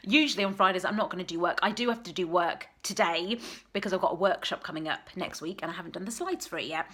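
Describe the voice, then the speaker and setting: A woman's voice: lowish voice, fast, fairly bright tone. A woman talking straight to camera at home in an unscripted, heartfelt vlog, earnest and encouraging. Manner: emotional, tearful at times, earnest and encouraging. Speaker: vlogger, single mum business coach. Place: at home, messy room.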